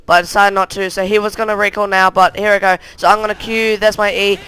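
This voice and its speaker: Bright-voiced guy narrating gameplay. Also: high voice, flat delivery, quick pace, a little hiss or hum. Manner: rambling play-by-play, keeps restarting with "anyway". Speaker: gameplay commentator. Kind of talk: casual commentary over own match replay.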